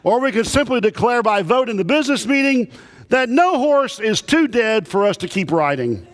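A man's voice: extremely high pitch, sing-song, normal speed. A man preaching a sermon to a congregation, telling folksy, humorous stories. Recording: long reverb of a big hall.

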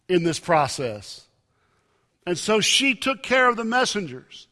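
A man preaching a sermon, with emphatic loud rises and soft drops. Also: very high-pitched, very animated, slow pace. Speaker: pastor. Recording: long reverb of a large hall.

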